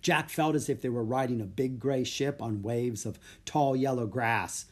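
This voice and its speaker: Husky man reading a children's story. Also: medium pitch, normal speed. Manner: steady, plain storytelling. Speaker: narrator. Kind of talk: children's audiobook narration.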